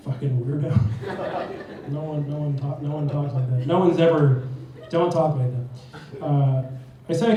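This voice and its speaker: A brash, profane young man works through a stand-up set on a comedy club stage, his voice sitting a bit high for a man. The sound comes from a distance through a very echoey room with faint noise behind it. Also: fairly even intonation, a little slow, mellow. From New Jersey. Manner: brash, profane, acts out both sides of text chats in raised voices.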